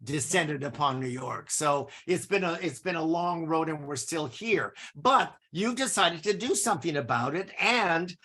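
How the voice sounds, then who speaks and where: An older male host with a high, bright voice leads a live-streamed conversation. He is chatty and opinionated, and he likes to tease his guests. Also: expressive, normal speed, few pauses. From East Los Angeles.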